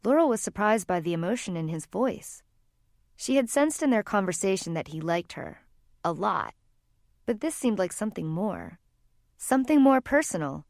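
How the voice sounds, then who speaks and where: A woman narrates a fantasy romance audiobook in a calm, steady storytelling voice of middling pitch. The recording is close and dry, with no room sound at all. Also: normal speed, vocal fry, dry recording. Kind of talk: scripted narration.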